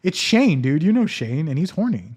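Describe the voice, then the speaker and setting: A man's voice: fairly high pitch, sing-song, moderate pace, darkish tone, husky. A man chatting casually on a podcast, his voice swinging up and down a lot as he jokes. He sounds a little tipsy and rambling, trading crude banter with his friends. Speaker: podcast co-host. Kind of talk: casual chat.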